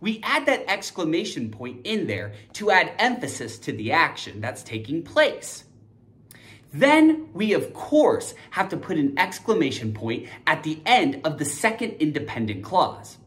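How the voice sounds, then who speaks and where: Upbeat young woman grammar teacher; very lively pitch, slow deliberate pace. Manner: upbeat, emphatic, cheerleading students. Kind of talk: online grammar lesson.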